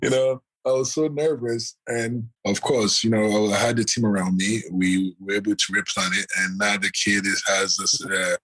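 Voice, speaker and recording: A man's voice: lowish voice, level tone, moderate pace, hardly any pauses, a bit bright, low-quality recording. A man, a surgeon, telling stories from his career in a casual, rambling way, full of fillers and small chuckles. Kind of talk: casual anecdotal storytelling.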